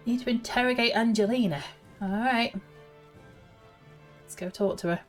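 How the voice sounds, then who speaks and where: A woman's voice: mid-range voice, normal speed, pauses often, soft background music. A woman streamer casually thinking aloud and giggling as she plays through a game quest. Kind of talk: casual gameplay commentary.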